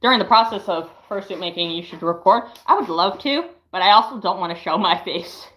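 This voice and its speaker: A young woman in her late teens chatting casually on a livestream, showing her craft work in a slow, hesitant way with lots of "um"s. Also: mid-range voice, lively intonation, a bit bright, echoey room, low-quality recording. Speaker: livestreamer and fursuit maker.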